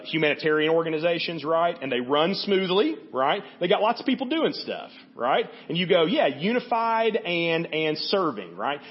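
Husky pastor preaching in a lively, conversational way. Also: male voice, a little high, muffled recording. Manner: conversational, frequent "right?" asides. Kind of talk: sermon.

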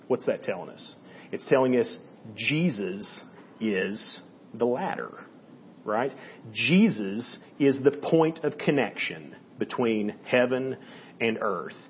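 A male pastor delivers a sermon with a slightly husky voice that sits a bit high for a man. He talks conversationally, tossing in little asides to his listeners as he goes. The recording sounds dull and lo-fi. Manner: conversational preaching with frequent "right?" asides.

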